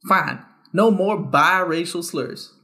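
A man's voice: a little high, slow, sharp tone, full character voice. A man playing a brash, crude father with a somewhat southern accent in a comedy sketch. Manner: brash, crude, mock-confident.

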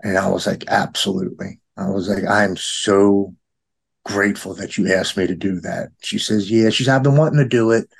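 Man, lower voice, casual storytelling, acts out quotes, forties. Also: steady tone, normal speed, vocal fry, husky. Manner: storytelling, quotes others in a raised voice. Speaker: guest in recovery. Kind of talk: casual conversation.

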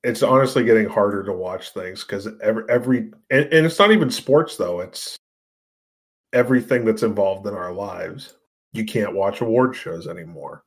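Male podcast co-host, lower voice, laid-back and resigned. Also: moderate pace. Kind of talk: casual podcast chat.

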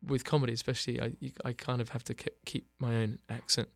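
An English man in his thirties, an actor chatting in an interview with dry, self-mocking humor and many halting fillers. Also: mid-range voice, level tone, vocal fry, dry recording. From England. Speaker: actor guest. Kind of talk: casual interview chat.

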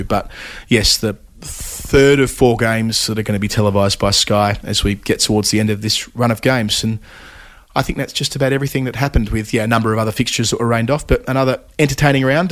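A man co-hosting a podcast, chatting casually about cricket results with lots of asides. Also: fairly low pitch. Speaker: podcast co-host.

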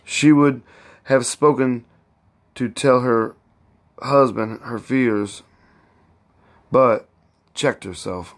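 A man's voice: medium pitch, steady tone, extremely slow, long pauses. A man reading a novel aloud in an unpolished way, stopping to correct his slips. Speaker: reader. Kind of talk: audiobook narration.

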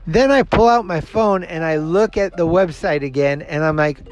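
A man telling a story in a casual monologue as a show host. He is animated, acts out the other people's lines, swears freely and laughs at himself. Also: on the high side, moderate pace, faint music behind.

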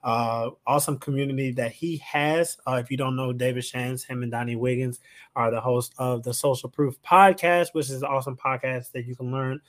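A man hosting a casual podcast interview, playful and animated, with eager interjections. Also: mid-range voice, brisk. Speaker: podcast host.

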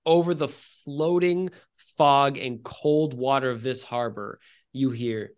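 A man narrating a tabletop game as game master, halting and swearing when he stumbles. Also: mid-range voice, fairly even intonation, darkish tone, clean tone.

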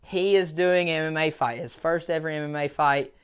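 A man with a fairly high, fairly bright, clear and resonant voice hosts a solo podcast, speaking fairly quickly with fairly even intonation. A jiu-jitsu coach, he talks in a casual, rambling, self-deprecating way and laughs now and then.

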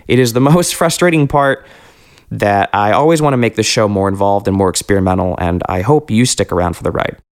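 A man's voice: lowish voice, a little fast. Laid-back upbeat male podcast host. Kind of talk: casual outro chat.

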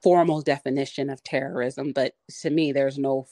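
A woman co-hosting a podcast, talking earnestly in a halting, filler-heavy way. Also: extremely low pitch, fairly even intonation, dark tone, dry recording. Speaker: podcast co-host. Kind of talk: casual discussion.

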